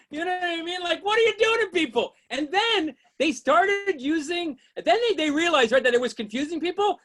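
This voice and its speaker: High-pitched man shouting exasperated punchlines. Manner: keeps asking "you know what I mean?". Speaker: stand-up comedian. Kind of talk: stand-up comedy set.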